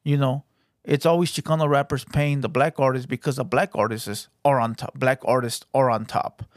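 A man with a Mexican American accent, commenting casually on clips as host, fast and animated, swearing and asking "right?" a lot. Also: medium pitch, dry recording, studio quality. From United States.

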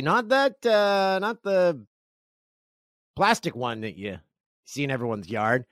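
A middle-aged man, hosting a podcast and telling jokey stories in a casual, animated way. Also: sits high, normal speed, no room sound, clean studio sound. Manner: animated, jokey, acts out quotes. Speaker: podcast host. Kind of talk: casual comedic storytelling.

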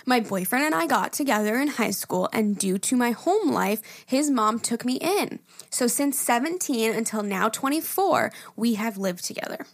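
A woman's voice: fairly high pitch, lively intonation, normal speed, vocal fry. A woman co-hosting a casual podcast, reading listener emails aloud, laughing often and swearing casually. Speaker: podcast co-host.

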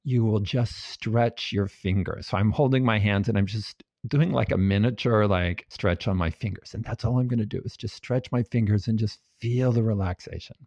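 A man being interviewed as a guest researcher, explaining ideas in a calm, practical and lightly playful way. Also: on the low side, normal speed, few pauses, no echo, dull audio.

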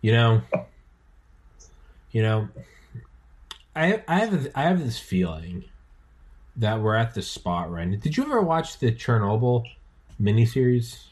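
A man hosting a podcast from home, talking in a rambling, excitable way with lots of swearing and restarts. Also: medium pitch, measured pace, long pauses. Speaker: podcast host. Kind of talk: casual podcast chat. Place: home, with dogs around.

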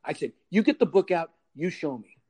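A man's voice: on the high side, expressive, fairly quick, darkish tone, breathy edge. An older man, a retired detective, telling a blunt, wry anecdote and acting out both sides of the dialogue. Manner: blunt, wry, acts out dialogue with lots of "I go" and "he goes". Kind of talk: casual anecdote storytelling.

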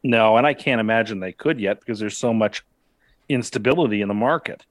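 A man co-hosting a sports betting podcast, talking in a hesitant, halting way. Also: on the low side, no echo. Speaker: podcast co-host. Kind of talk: casual sports betting chat.

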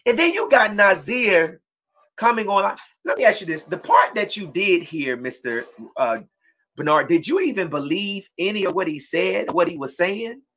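A man hosting a true-crime podcast, giving impassioned commentary in a preachy way and breaking into shouts. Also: high-pitched, big pitch swings, normal speed, rough recording. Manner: fiery, preachy, shouts in bursts. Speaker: podcast host.

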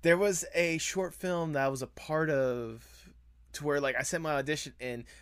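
A podcast host chatting casually, animated and laughing easily, with pitch swooping up often. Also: moderate pace, smooth, no room sound, studio quality.

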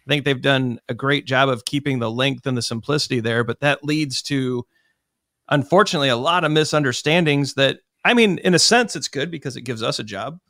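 A man's voice: mid-range voice, a little fast, no echo. Chatty man with a dry, close sound. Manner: opinionated, conversational, animated asides. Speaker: podcast co-host. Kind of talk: casual chat.

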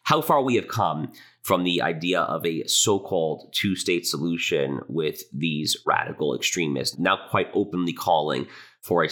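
A man's voice: extremely low pitch, fairly bright tone. A man hosting a podcast, delivering an indignant, impassioned opinion monologue. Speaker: podcast host.

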